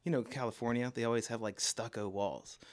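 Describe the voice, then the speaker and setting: A man in his thirties with a Baltimore accent talks as a podcast guest. His voice is smooth and clear, sitting in a middle pitch. He rambles loosely through his stories with lots of fillers. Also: steady tone, a little fast. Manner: rambling, laid-back storytelling with many fillers and laughs. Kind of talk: casual podcast chat.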